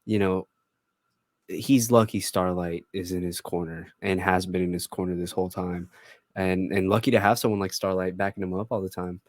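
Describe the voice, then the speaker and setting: Young male co-host, lowish voice, laid-back and keen, dry close mic. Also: fairly even intonation, normal speed, no room sound. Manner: laid-back, enthusiastic, says "dude" and "like". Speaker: podcast co-host. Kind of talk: casual review chat.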